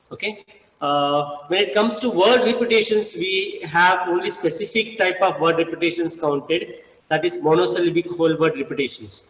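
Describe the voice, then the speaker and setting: A man's voice: on the high side, a bit bright. A man with an Indian English accent giving an academic lecture, explaining step by step with frequent "okay" and "you know". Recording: distant echoey hall, dull sound.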